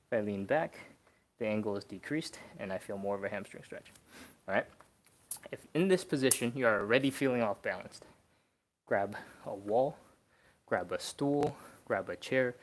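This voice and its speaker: Casual man coaching a stretch session. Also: mid-range voice. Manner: casual, encouraging coaching with counted holds. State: out of breath. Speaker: stretching instructor. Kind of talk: live-streamed workout instruction.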